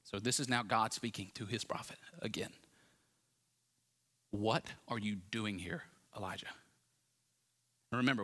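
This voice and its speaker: A man preaching a sermon in a lively, conversational way with asides to the congregation. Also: mid-range voice. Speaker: pastor.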